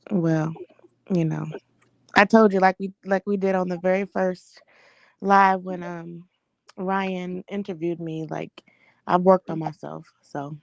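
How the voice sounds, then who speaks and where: A woman speaks in a soft, sleepy voice as a guest on a casual live stream, joining by video call. She talks earnestly and plainly. The sound is dry, with little room in it. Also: fairly low pitch, fairly even intonation, a little slow, vocal fry, dry recording, lo-fi sound.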